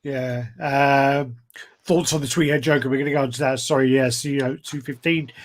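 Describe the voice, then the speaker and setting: Rambling anecdotes and plenty of laughter fill this man's turn as co-host of a laid-back podcast conversation. He has a medium-pitched, steady voice and keeps a moderate pace.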